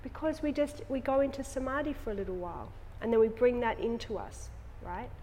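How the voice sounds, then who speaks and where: A woman's voice: a little high, lively intonation, brisk, warm tone, slight background noise. A woman talking to a yoga class, rambling and conversational, asking the class many tag questions before leading a guided relaxation. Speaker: yoga teacher. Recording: echoey studio with long reverb.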